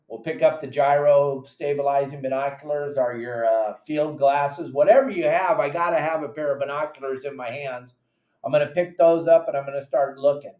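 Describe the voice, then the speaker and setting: A man hosting a fishing podcast as a captain, giving casual, animated advice and acting out his friends' lines. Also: on the high side, roomy sound. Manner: animated, acts out friends' voices in quotes.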